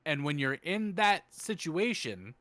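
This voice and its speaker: A man's voice: a little high, big pitch swings, unhurried, bright, forceful tone, dry recording. A young man co-hosting a podcast, explaining things in rambling, profane run-on sentences. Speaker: podcast co-host. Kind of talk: casual podcast chat.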